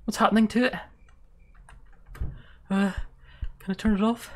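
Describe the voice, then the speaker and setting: A woman streamer giving live commentary on a horror game, jumpy and swearing, sliding between hushed whispers and startled yelps. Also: medium pitch, moderate pace, long pauses. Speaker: virtual streamer.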